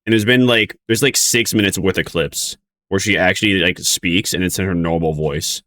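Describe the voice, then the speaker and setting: A man with a low voice talks loosely over a video he is watching, rambling and restarting his thoughts. He laughs a lot and breaks into mocking, high, sing-song jabs. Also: moderate pace, bright, forceful tone. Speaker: streamer reacting to a video. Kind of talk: casual reaction commentary.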